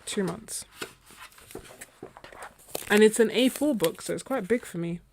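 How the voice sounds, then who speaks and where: A woman's voice: mid-range voice, measured pace, darkish tone, a little hiss or hum. A woman who hosts an art livestream, chatting casually with viewers in a meandering way and often trailing off while she searches for names. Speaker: artist hosting a painting livestream. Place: home studio, indoors.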